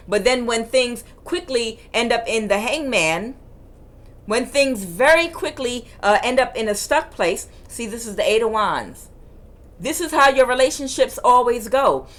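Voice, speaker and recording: Emphatic woman giving a tarot reading. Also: fairly high pitch. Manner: emphatic and forceful, sounds like yelling; repeats phrases for emphasis. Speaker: tarot reader.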